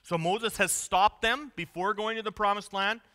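A man's voice: high voice, fairly even intonation, moderate pace, bright, forceful tone. A man preaching a conversational, joking sermon in a church. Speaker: pastor. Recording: long reverb of a church hall.

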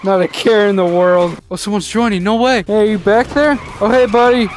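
A young man commenting on his gameplay in a rowdy, joking way and shouting at his teammates. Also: high voice, fairly even intonation, fairly quick, slight background noise. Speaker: gaming YouTuber.

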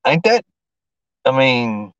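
Slow and sing-song, a medium-pitched man runs a laid-back stream, chattering loosely in slang and talking to himself as he adjusts things on screen. There's no echo, and the audio sounds dull.

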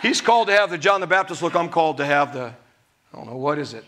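High-pitched, animated male preacher. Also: quick pace. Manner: animated preaching, acting out scripture voices with laughs. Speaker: pastor. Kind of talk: sermon.

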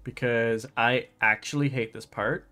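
A man's voice: mid-range voice, fairly even intonation, unhurried, sharp tone, soft background music. A man giving casual let's play commentary as he plays, talking to himself with frustrated outbursts and exclamations. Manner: frustrated, exclamatory, talks to himself while playing. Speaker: gaming channel host.

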